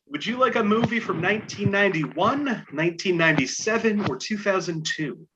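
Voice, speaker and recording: A man's voice: high-pitched, expressive, normal speed, lo-fi sound, noisy background. A man hosting a casual podcast game show, reading clues aloud with playful asides and chuckles.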